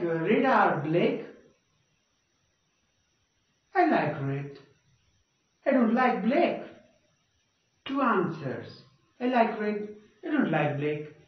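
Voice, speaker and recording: A male teacher giving a grammar lecture, repeating points and checking with "okay?" and "you got it?". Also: high voice. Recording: dull, echoey, far from mic.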